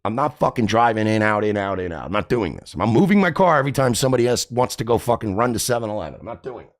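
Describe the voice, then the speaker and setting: A man hosting a radio show, telling a story in a casual, profane, animated way. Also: on the low side, rapid-fire. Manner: profane, animated, acts out quotes.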